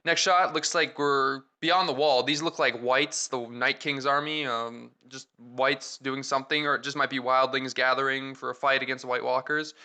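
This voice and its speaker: A young man hosting his own video, giving a casual, enthusiastic breakdown of a trailer full of ums and excited asides. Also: medium pitch, moderate pace, few pauses, smooth. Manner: chatty, filler-heavy, enthusiastic. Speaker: video host.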